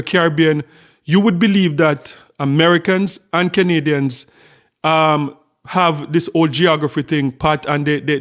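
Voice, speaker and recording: A middle-aged Jamaican man hosting a casual vlog, telling a story in a chatty way with lots of repeated words. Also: a little high. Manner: chatty storytelling with frequent repetitions. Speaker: channel host.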